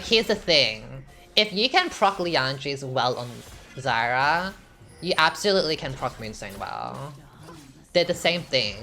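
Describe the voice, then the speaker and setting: Young woman, very low voice, sassy chatty gameplay commentary, game music behind. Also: pushed and bright. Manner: chatty, sassy, filler-heavy with lots of "like". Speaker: gaming streamer.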